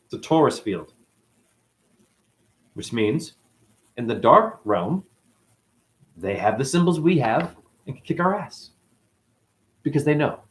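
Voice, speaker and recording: A man's voice: medium pitch, big pitch swings, takes it slowly, long pauses. Rambling, profane spiritual teacher man. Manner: rambling, profane, swings between loud and muttered. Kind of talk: rambling casual monologue.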